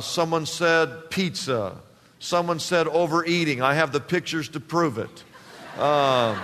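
A pastor with a high, sharp voice preaches to his congregation in a church sanctuary. He is emphatic, repeats phrases, and calls on the people to respond, with the long reverb of a church hall around him.

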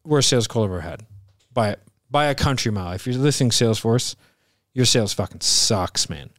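A man's voice: medium pitch, fairly quick, no echo. A man in casual podcast conversation who tells stories with energy, acting out what other people said and laughing as he goes. His voice sits in a middle register. The sound is dry and close to the mic. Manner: animated storyteller, acts out quoted voices with laughs. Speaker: podcast host. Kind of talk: casual chat.

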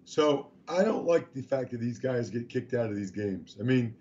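A man co-hosting a sports talk show, his voice raspy and hoarse, rambling and restarting as he talks. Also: medium pitch, lively intonation, moderate pace, a little mellow, highs cut off. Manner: rambling, self-interrupting.

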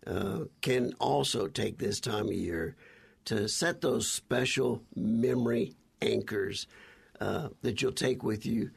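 An older man co-hosting a radio show, reminiscing in a relaxed, casual way. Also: mid-range voice, takes it slowly, creaky, husky. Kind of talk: casual chat.

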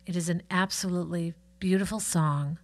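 A woman's voice: fairly low pitch, steady tone, moderate pace, darkish tone. A middle-aged woman co-hosting a podcast, telling stories in a chatty, enthusiastic way. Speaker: podcast co-host. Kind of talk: casual chat.

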